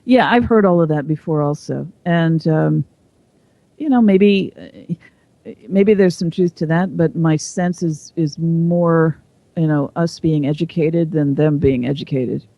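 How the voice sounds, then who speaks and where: A woman with a gravelly, fry-edged voice talks as a guest in a casual interview, explaining things at length and thoughtfully. The sound is dull and lo-fi, close and dry with no room around it. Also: low-pitched, measured pace, mellow, no room sound.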